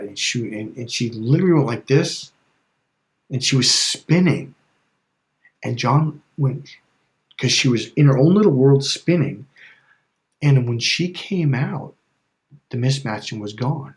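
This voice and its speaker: A man's voice: medium pitch, animated, unhurried. A man giving a casual coaching talk, emphatic and repetitive, often checking in with "okay?". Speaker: life and relationship coach.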